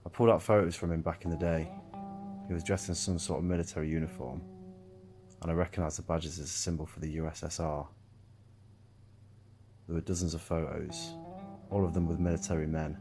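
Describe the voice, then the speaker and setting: A man narrating a first-person horror story in a calm, measured way. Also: rumbling low. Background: faint guitar music.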